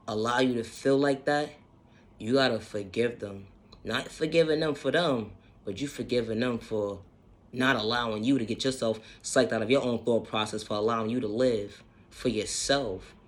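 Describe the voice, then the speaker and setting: A man talking casually and earnestly about self-healing, repeating his points and swearing now and then. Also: lowish voice. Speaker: self-help vlogger. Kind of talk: casual motivational monologue.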